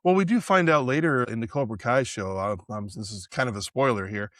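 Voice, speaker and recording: A man's voice: medium pitch, a little fast, fairly bright tone, no echo, clean studio sound. A man co-hosting a podcast, casually retelling movie scenes in detail. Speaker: podcast co-host.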